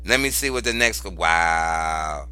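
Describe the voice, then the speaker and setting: Animated, bright-voiced man doing a tarot reading. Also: on the high side, measured pace, no room sound. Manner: animated, exclaims and repeats phrases for emphasis; informal, cusses freely. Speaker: tarot reader. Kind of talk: casual tarot reading vlog.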